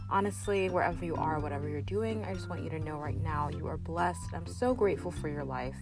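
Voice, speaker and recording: A woman's voice: low voice, a little fast, hardly any pauses, music in the background. A young woman hosting her own podcast, talking earnestly and encouragingly straight to the listener in a loose, chatty way. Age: young adult. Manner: loose and talky, with fillers and restarts. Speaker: podcast host. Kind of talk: casual solo podcast chat.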